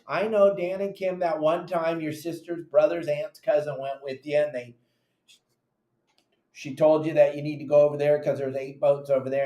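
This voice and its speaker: A man hosting a fishing podcast as a captain, giving casual, animated advice and acting out his friends' lines. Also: medium pitch, roomy sound. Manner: animated, acts out friends' voices in quotes.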